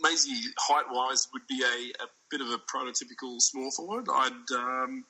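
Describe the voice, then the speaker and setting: A man's voice: medium pitch, normal speed, bright, forceful tone, husky, rough recording. A man co-hosting a podcast, wry and rambling in casual chat. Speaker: podcast co-host.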